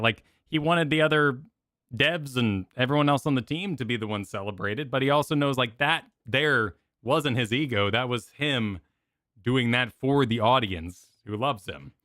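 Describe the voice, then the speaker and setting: A man's voice: mid-range voice, moderate pace, no echo, studio quality. A young man chatting casually as he reacts on stream, talking in rambling bursts with lots of restarts. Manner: rambling, animated, full of restarts and filler. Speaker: streamer reacting to event videos.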